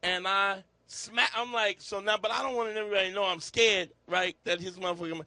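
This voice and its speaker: A middle-aged man co-hosting a podcast, telling a loud, profane story and acting out the voices in it. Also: high-pitched, steady tone, fairly quick, no room sound. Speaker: podcast co-host. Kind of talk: casual storytelling chat.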